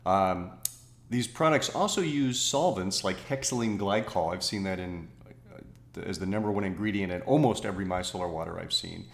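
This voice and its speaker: A man with a lowish voice explains skincare ingredients on a podcast, recorded in a noticeably roomy, echoing space. He talks it through thoughtfully, stops to correct himself, and drops in small jokes. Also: normal speed, gravelly. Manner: thoughtful, self-correcting, jokey asides. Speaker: podcast co-host. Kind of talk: casual science chat.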